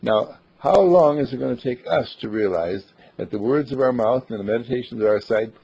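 A man's voice: mid-range voice, a little fast, vocal fry, warm tone, breathy edge. An older man giving a homespun sermon full of stories. He speaks in a folksy, earnest way and hesitates with small fillers. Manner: folksy and earnest, hesitant with uhs, acts out quoted voices. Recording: dull lo-fi recording.

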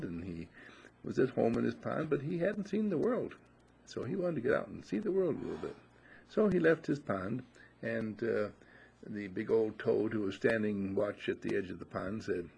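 A man's voice: on the low side, gravelly, slightly rough. A man giving an inspirational talk, telling a folksy parable with plenty of fillers. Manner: lively, folksy storytelling with fillers. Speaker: inspirational speaker.

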